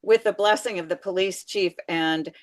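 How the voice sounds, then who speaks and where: A woman's voice: on the low side, normal speed, dry recording. A woman hosting a casual interview, prompting her guest and reacting emphatically. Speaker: podcast host.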